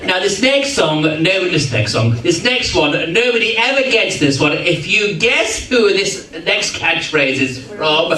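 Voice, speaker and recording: With a high, sharp voice, big pitch swings and a measured pace, the entertainer barely pauses. He teases and chats with his audience in comic patter at a function hall, and the roomy recording picks him up from a distance along with the crowd.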